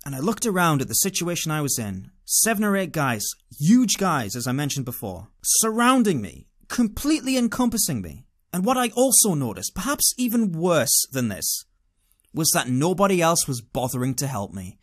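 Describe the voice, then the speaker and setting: A man's voice: on the high side, big pitch swings, moderate pace, breathy edge. A man with a British accent telling a first-person travel story in a dramatic, wry way.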